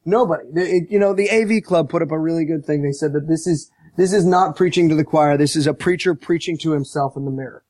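A man's voice: fairly high pitch, quick pace, hardly any pauses, no room sound. A man ranting sarcastically and profanely about a movie in a casual podcast chat, acting out quotes. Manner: sarcastic, profane, mocks quotes with shouted voices.

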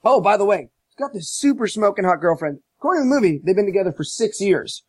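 A man casually recapping a movie on a podcast, animated and profane, mocking as he tells it. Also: sits high, fast talker, husky, no echo. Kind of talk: casual chat.

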